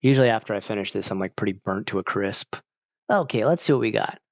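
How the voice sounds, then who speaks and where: A man's voice: fairly low pitch, quick pace, vocal fry, no room sound, lo-fi sound. A man chatting casually with viewers on a live stream, rambling and laid-back. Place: home, evening stream.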